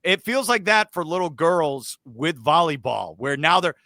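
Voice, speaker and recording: A man hosts a casual sports talk podcast, joking and throwing in quick asides. His voice is bright and lively, and it swings widely in pitch. The sound is dry and close. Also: no echo. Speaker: podcast host.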